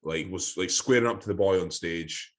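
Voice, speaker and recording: A Scottish man with a very low voice co-hosts a casual podcast. He talks in a relaxed way, swearing and dropping "mate" and "aye". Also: normal speed. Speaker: podcast co-host. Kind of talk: casual chat.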